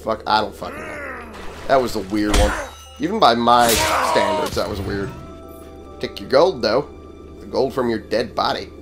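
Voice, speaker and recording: A man's voice: fairly low pitch, lively intonation, moderate pace, pauses often. A man giving casual, profane commentary while playing a video game, sarcastic and exclaiming at enemies as he fights. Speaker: gaming channel host. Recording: game music behind voice.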